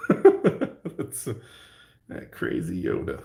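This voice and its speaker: Casual vlog host: man, middle-aged, slow, gravelly, lively pitch, jokey rambling. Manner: jokey, rambling, laughs often. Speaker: YouTube art channel host. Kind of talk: rambling casual chat while crafting.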